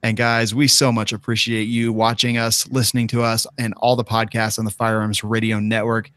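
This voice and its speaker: A man's voice: fairly low pitch, flat delivery, moderate pace, fairly bright tone, no echo. A man hosting a podcast in casual chat, often laughing and reading sponsor ads. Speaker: podcast host.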